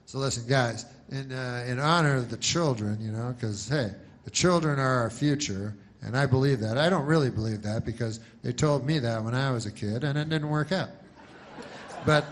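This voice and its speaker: A middle-aged male comedian telling a rambling, deadpan comedic story, meandering with many fillers. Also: mid-range voice, moderate pace.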